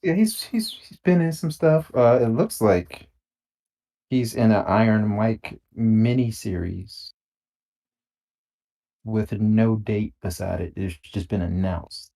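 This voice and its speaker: A man with a fairly low voice talks through a gaming stream. He is relaxed and rambling, leans on slang and "like" fillers, and trades opinions with his co-host. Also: slow pace, vocal fry. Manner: laid-back, slangy, rambling with many fillers. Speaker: podcast co-host. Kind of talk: casual chat while gaming.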